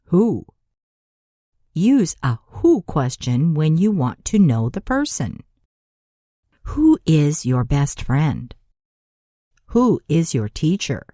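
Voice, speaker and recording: A woman delivers a scripted grammar lesson as a teacher, each word placed with great slowness and letters spelled out one by one. Her voice sits low yet rises and falls in a lively way. The sound is mellow and dry, close to the mic. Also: dry recording. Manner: slow, deliberate, spelling out letters for learners. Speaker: English teacher.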